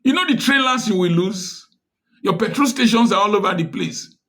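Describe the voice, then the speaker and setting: A man's voice: high-pitched, animated, moderate pace, a bit bright. A man with a Nigerian English accent giving impassioned commentary, firing off rhetorical questions in a preachy tone. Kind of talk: direct-to-camera social commentary.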